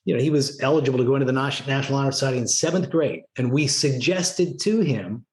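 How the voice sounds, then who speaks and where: A man's voice: mid-range voice, a little fast, hardly any pauses, echoey room. A middle-aged man, a former Navy SEAL, telling stories in a casual interview. He leans on "right?" and "you know" as he talks. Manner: animated storyteller, frequent "right?" and "you know". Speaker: podcast guest, former Navy SEAL leader.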